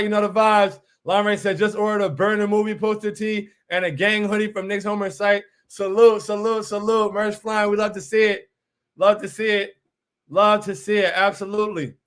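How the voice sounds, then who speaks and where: A man in his thirties from New York hosting a fan livestream, excitedly reading viewer comments aloud and repeating phrases. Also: high-pitched, smooth. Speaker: livestream host reading chat. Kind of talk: casual hype chat.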